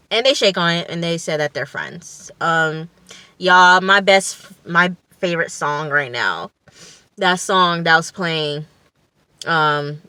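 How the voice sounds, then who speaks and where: A woman recaps a reality TV episode in a casual vlog, blunt, profane and opinionated, chatting with frequent fillers. Her lowish voice is smooth with a sharp tone, and there's no echo.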